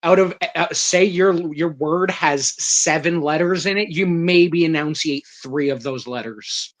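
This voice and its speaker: A man with a slightly high voice trades jokes with friends on a live stream panel. He laughs easily and trips over his words, restarting his sentences. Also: unhurried, no room sound. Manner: joking, laughs often, stammers restarts.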